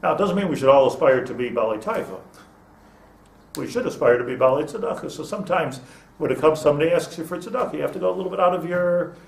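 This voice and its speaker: Rabbi teaching in a roomy echoey class. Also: male voice, a little high, lively intonation, quick pace, gravelly. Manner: conversational, digressive, anecdotal, mixes Hebrew and Yiddish terms. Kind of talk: informal Torah class. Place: classroom with small group. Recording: echoey room, distant mic, faint noise.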